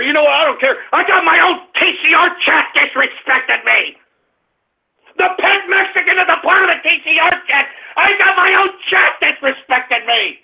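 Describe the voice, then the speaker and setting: A super high gravelly voice, raging cursing ranter, tinny phone line sound. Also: male voice, full character voice. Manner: shouting, cursing, exasperated ranting. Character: furious squeaky-voiced man ranting at his audience. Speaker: radio show host.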